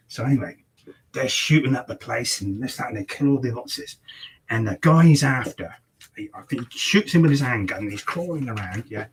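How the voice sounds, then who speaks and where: A barber with a mid-range, breathy-edged voice chats casually with a customer while cutting hair. He rambles through a long story, swearing freely, on a low-quality recording.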